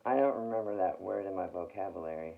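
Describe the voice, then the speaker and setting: Man, low gravelly voice, halting reflective monologue with long pauses, muffled lo-fi take. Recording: dull lo-fi audio, faint background ambience.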